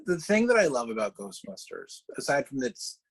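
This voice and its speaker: A man hosting a casual chat over a video call from home, rambling with halting restarts. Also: mid-range voice, big pitch swings, vocal fry, husky, poor audio. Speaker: podcast host. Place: home, downstairs.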